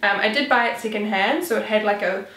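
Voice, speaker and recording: A woman's voice: mid-range voice, quick pace, a bit bright, roomy sound. A woman in her twenties, chatting casually as a vlogger, rambling with lots of "like" and "um". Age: 20s. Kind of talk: casual chat.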